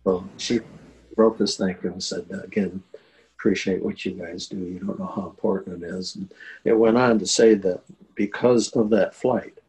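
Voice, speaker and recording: Older man, deep voice, earnest interview storyteller with fillers. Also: steady tone, normal speed, darkish tone, poor audio. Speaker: guest telling a war veteran story.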